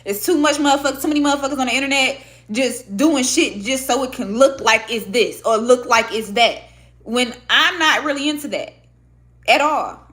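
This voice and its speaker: A woman from Michigan, talking candidly and with plenty of swearing as she vlogs to camera. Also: sits high. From Michigan, USA. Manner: candid, profane, expressive. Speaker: vlogger and podcaster. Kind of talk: casual talk to camera. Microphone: own microphone at a desk setup.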